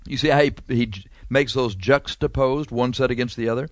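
A man's voice: mid-range voice, fairly quick, few pauses, dry recording. A man preaching a sermon in a conversational, emphatic way, repeating phrases and drawing out key words.

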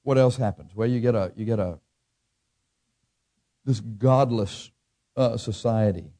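A man's voice: fairly low pitch, measured pace, warm tone. A man preaching a sermon, reading scripture aloud in old-fashioned cadence and adding folksy asides and chuckles. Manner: folksy, reads scripture in King James cadence, chuckles at own jokes.

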